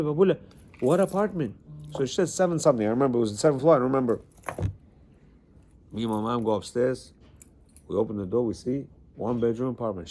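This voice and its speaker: A man teaching a class to a small group of men, talking in an animated, conversational way and repeating his words as he goes. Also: mid-range voice. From Central Asia, Bukharan Jewish family. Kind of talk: lecture with stories.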